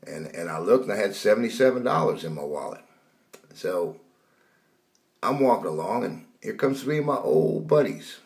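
Lower-voiced man telling a story. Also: lively intonation, moderate pace, gravelly. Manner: rambling, repeats words, shouts in retold dialogue. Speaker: preacher telling a dream. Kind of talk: storytelling testimony.

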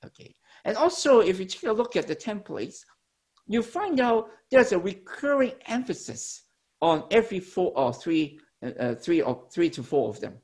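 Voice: mid-range voice, very animated, moderate pace, darkish tone. A preacher delivers a teaching sermon with a voice that rises and falls freely. The speaker explains ideas step by step for the congregation. Phrases often stop and restart as they self-correct.

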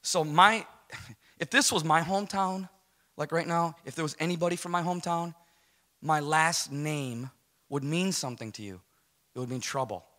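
Bright-voiced man telling his testimony. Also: fairly high pitch, moderate pace. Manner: rambling, self-deprecating storytelling with many restarts. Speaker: guest speaker giving testimony. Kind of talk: personal testimony to a congregation.

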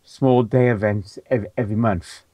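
A man's voice: on the low side, fairly even intonation, moderate pace, mellow, no room sound. A British man co-hosting a casual podcast chat, easygoing and thinking aloud as he searches for names. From United Kingdom. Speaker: podcast co-host.

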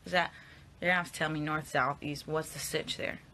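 A woman's voice: low-pitched, fairly even intonation, a little fast, sharp tone. A young woman chatting casually on a phone livestream, tired but upbeat, answering viewer comments. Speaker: actress on a livestream.

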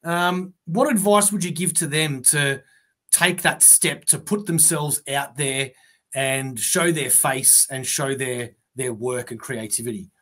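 A man's voice: mid-range voice, unhurried, pushed and bright. A man hosting an interview show, asking rambling, friendly questions with restarts. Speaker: podcast host. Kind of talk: casual interview chat.

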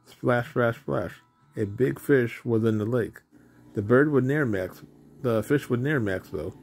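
A man reading a children's picture book aloud in a simple, deliberate way, with small stumbles over words. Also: medium pitch, a little mellow, slight background noise. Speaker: storybook reader. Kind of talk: children's story read aloud.

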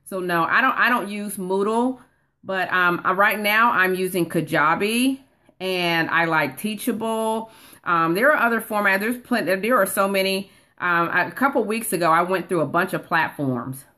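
On a casual live stream, a woman working as an online course coach chats with viewers, reads their comments aloud, and calls people honey. Her medium-pitched voice is bright and forceful at a moderate pace.

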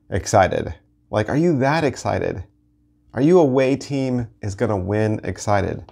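A man, a pastor leading an online Bible study in a lively, conversational way with playful asides. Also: mid-range voice, creaky. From Texas.

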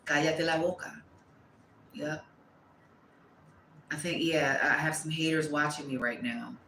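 A woman reading tarot to camera, blunt and profane, breaking into loud exclamations and dropping to quieter asides. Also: deep voice, unhurried, roomy sound, a little hiss or hum, rough recording. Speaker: tarot reader.

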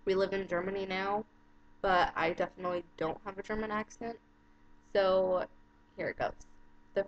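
A woman's voice: mid-range voice, steady tone, a little hiss or hum. A young woman from Arizona with an Arizona American accent, chatting casually in a home vlog and reading out a word list. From Arizona, USA. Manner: chatty, unhurried, with many ums. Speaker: vlogger. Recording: dull lo-fi home webcam audio.

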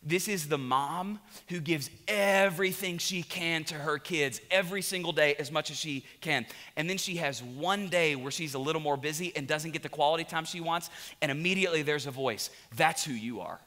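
A man preaching a sermon as pastor, animated and joking at times, then quiet and confessional. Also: on the high side, moderate pace. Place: large church auditorium. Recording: long reverb of a big hall.

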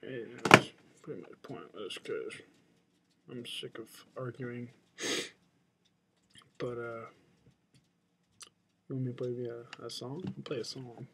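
A man's voice: mid-range voice, slow, gravelly, long pauses, a bit bright, a little hiss or hum. A young man chatting casually to his webcam at home at his computer, rambling and mumbling with lots of fillers. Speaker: video blogger.

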